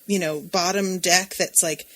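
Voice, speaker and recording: Woman podcast co-host, bright tone, dry sardonic rants, casual profanity. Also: lowish voice, steady tone, measured pace. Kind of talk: casual chat.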